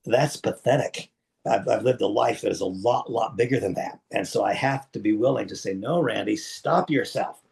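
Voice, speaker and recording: A man presenting a live online business training session, speaking emphatically and preacherly, with sudden jumps in pitch and loudness, and addressing his audience directly. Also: fairly quick, gravelly. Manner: talks to the audience directly as folks.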